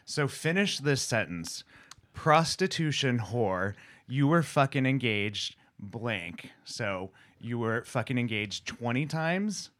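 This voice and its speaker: A man hosting a podcast, asking questions in a laid-back, steady way. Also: medium pitch, slow. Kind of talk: casual chat.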